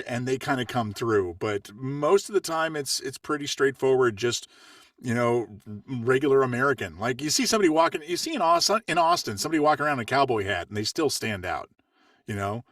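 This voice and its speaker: A man from Los Angeles, a voiceover coach telling stories in a relaxed, easygoing chat. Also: medium pitch, no room sound, clean studio sound, distant mic. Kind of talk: casual chat.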